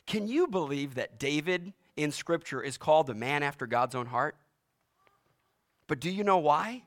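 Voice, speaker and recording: A man's voice: fairly high pitch, a bit bright. A man preaching a sermon, retelling a story dramatically and swinging his voice up and down for emphasis. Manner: dramatic storytelling, voice rising and dropping sharply for emphasis. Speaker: pastor.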